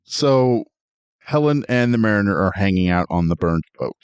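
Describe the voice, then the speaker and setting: A man's voice: on the low side, animated, normal speed, clear, resonant tone, no echo, muffled recording. A man co-hosting a film review podcast, laid-back and joking in casual chat.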